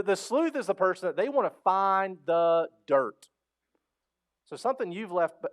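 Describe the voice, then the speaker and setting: A man preaching a sermon as pastor, animated and conversational, acting out voices and asking the congregation questions. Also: on the high side. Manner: animated storytelling, acts out quoted voices; conversational, asks the crowd questions.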